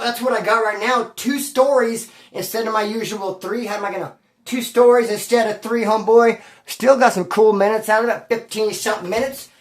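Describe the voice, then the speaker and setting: A man's voice: high voice, a bit bright, far from the mic. A man spins a prison tale in loose, profane street slang. He keeps circling back and restarting his sentences. His voice sits a little away from the mic, in a room with a lot of echo. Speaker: former prisoner telling a prison story. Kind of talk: casual storytelling to camera.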